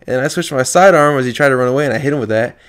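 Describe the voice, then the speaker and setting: A man's voice: medium pitch, very fast, clean tone. Profane young man telling a gaming story. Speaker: gaming video creator. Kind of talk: casual storytime vlog.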